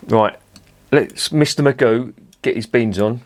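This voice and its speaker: A man's voice: medium pitch, measured pace. A man giving a chatty, blunt beer review, swearing casually as he talks.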